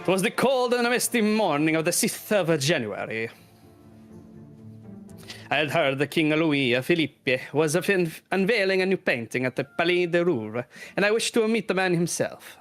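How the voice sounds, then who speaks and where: A man's voice: a little high, sing-song, moderate pace, a bit bright, faint music behind, voice pushed up. A man voicing a flamboyant, pompous male fox prince with a put-on mock Spanish accent and flowery, over-polite speech. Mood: grandiose.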